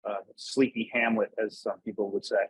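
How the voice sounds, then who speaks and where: A man from Northeast Pennsylvania talks as a guest in a relaxed interview. His voice is a little husky, and his sentences wander and restart, padded with fillers. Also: fairly low pitch, normal speed, poor audio. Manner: rambling, many fillers and restarts. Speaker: podcast guest. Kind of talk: casual interview chat.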